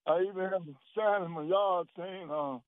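Older male caller from Virginia, halting and emotional, with a dry, phone-thin sound. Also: sits high, no room sound. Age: 60s. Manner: halting, emotional, many fillers. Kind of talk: call-in phone conversation. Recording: tinny phone line.

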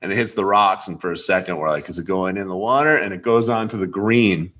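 A young man with a bright, forceful voice and a lowish pitch, telling a story in loose, casual chat. He acts out every quote, jumping far up in pitch and sometimes shouting. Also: a little fast. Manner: animated, acts out quotes with big jumps up in pitch. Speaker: podcast host.

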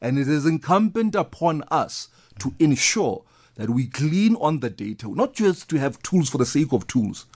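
A man's voice: a little high, very animated, moderate pace, a little mellow. A man, a guest expert explaining things enthusiastically in a conversational interview. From South Africa.

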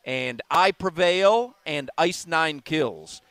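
A man's voice: a little high, expressive, slow pace, a bit bright, clean tone, dry recording. A man hosting a live talk radio show, chatting in a rambling, self-amused way from a remote broadcast. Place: bar or restaurant remote broadcast.

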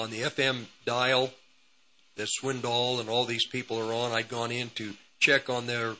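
A man's voice: medium pitch, pushed and bright, a little hiss or hum, rough recording. A man hosting a radio ministry program, telling a personal testimony in a rambling, repetitive way. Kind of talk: testimony storytelling.

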